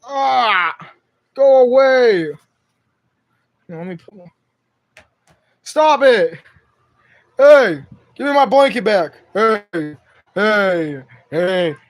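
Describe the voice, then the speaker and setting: A man's voice: high-pitched, animated, very slow, pauses often. A young man live streaming from home on his phone, chatting to his cat in slangy, profane speech. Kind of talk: casual live stream chat.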